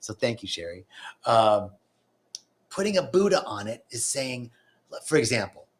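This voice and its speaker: In a live-streamed spiritual talk, a man speaks earnestly and conversationally, occasionally acting out inner voices complete with a curse. His medium-pitched voice swings widely in pitch at a measured pace.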